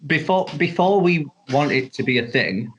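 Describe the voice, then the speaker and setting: A man's voice: a little high, expressive, normal speed, muffled recording, a loud crowd. A man talking as a guest in casual podcast chat, joking and summing things up bluntly. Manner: joking, swears, sums things up.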